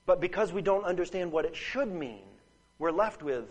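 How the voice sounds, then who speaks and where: High-voiced man preaching a sermon. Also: expressive, moderate pace, slightly rough, rough recording. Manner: earnest, emphatic, repeats phrases, asks "Right?" to listeners.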